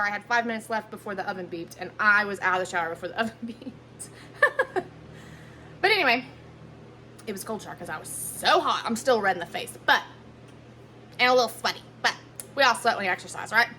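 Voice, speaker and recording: A woman's voice: on the high side, very animated, fairly quick, long pauses, sharp tone, slight background noise. A woman, chatting casually while cooking dinner in her home kitchen and filming on a handheld phone. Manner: chatty, rambling, self-correcting. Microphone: handheld phone camera.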